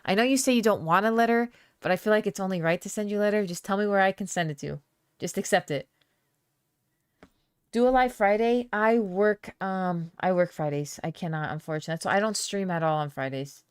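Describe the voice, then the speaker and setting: A woman hosting a live-stream podcast, chatting loosely with viewers and reading their comments aloud. Her voice is smooth and clear, and it sounds close and dry with almost no room echo. She talks in a playful, rambling way with lots of fillers. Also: mid-range voice, fairly quick. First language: Aramaic. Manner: chatty, reads chat comments aloud, laughs often. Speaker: podcast host. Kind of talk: casual live-stream chat.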